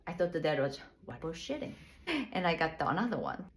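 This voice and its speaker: A woman with a low, deep-set voice recounts something from her own life. She talks casually and frankly, often restarting her sentences and laughing at herself. The delivery is plainspoken storytelling rather than a performance. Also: very animated, rough recording. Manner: loose, halting phrasing with restarts. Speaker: vlogger telling her birth story.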